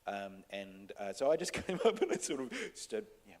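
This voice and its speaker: A man who works as a TV director, telling a story to a panel audience in a casual, halting way full of restarts and fillers. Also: lowish voice, sing-song. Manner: halting, many restarts and fillers, soft-spoken. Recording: long hall reverb.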